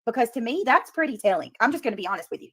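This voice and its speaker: A woman's voice: fairly high pitch, big pitch swings, racing, pushed and bright, husky, no echo. A woman hosting a casual livestream, talking earnestly to her chat and repeating her points for emphasis. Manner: talks to chat while reading comments. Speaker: livestream host. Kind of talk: casual live commentary.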